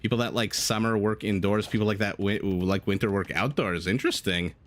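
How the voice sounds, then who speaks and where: A man casts a strategy game live, chatting and laughing with viewers between plays in this esports commentary. His voice is lowish and fairly quick, with slight background noise.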